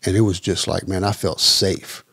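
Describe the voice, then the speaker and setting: A middle-aged man from the Midwest of the United States, telling his personal story as a podcast guest in an earnest, halting way, repeating words as he goes. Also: low voice, level tone, creaky, sharp tone, breathy edge, no echo, studio quality. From East Chicago, Indiana. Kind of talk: personal testimony interview.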